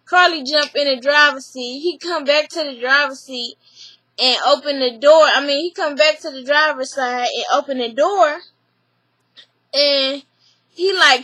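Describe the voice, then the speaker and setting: High bright-voiced woman recapping TV. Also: moderate pace, no echo. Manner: animated, profane, retells scenes in quoted voices. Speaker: reality TV recap vlogger. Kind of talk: casual spoken recap. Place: small home room with a fan running.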